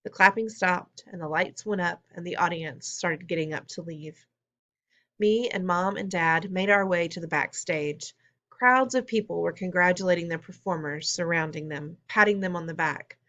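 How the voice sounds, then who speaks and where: A woman's voice: lowish voice, moderate pace, sharp tone, highs cut off. A woman narrating a storybook in the first person, plain and conversational. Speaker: audiobook reader.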